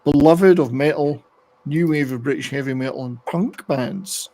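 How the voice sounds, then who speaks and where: Rock music is the topic as this podcast host, voice gravelly and creaky, chats in a relaxed, somewhat rambling way at a moderate pace. His pitch is typical mid-range male, and he stops at times to read excerpts out loud.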